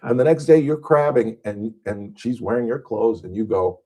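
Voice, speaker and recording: A man hosts a casual radio talk show in a slightly husky voice. He tells stories with plenty of energy, and his pitch leaps upward whenever he gets excited. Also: normal speed. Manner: animated storyteller, voice jumps high on punchlines.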